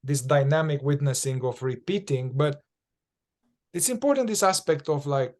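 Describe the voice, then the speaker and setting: Animated man with a fairly high voice. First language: Romanian. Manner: animated, acts out examples, halting restarts. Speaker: inquiry facilitator. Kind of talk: casual podcast teaching.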